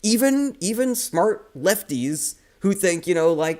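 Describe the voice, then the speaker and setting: A man's voice: sits high, big pitch swings, unhurried, few pauses, a little mellow. Heated, profane man streaming. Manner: reads viewer comments aloud and answers them. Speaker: political livestream host. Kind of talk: casual livestream commentary.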